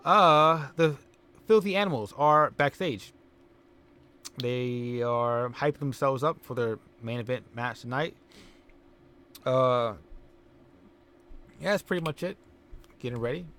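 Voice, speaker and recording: A man's voice: medium pitch, slow, pauses often, bright, forceful tone. A man casually recapping a wrestling simulation game, rambling with fillers and chuckles. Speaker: game commentator. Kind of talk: casual let's-play recap.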